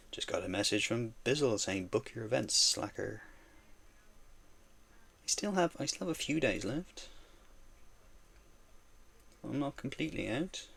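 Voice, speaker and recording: A man's voice: mid-range voice, sing-song, measured pace, vocal fry, long pauses, fairly bright tone, slightly rough. A man streaming while he paints miniatures, chatting casually and teasing his viewers playfully.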